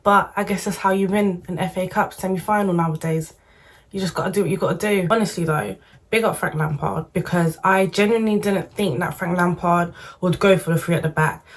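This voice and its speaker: A woman giving chatty, opinionated football commentary to camera, animated and full of slang. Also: lowish voice, brisk. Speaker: football vlogger.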